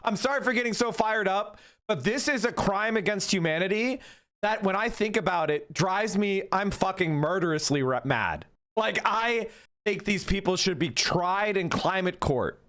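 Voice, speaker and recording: A man streaming live, reacting to a clip with angry, profane rants and bursts of yelling. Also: sits high, animated, moderate pace. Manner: yells in bursts.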